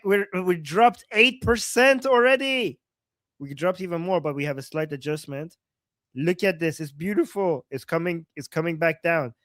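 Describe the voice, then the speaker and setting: A woman's voice: on the low side, fairly bright tone, no room sound. A woman co-hosting a livestream, commenting casually and animatedly, often laughing and mimicking voices. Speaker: livestream co-host.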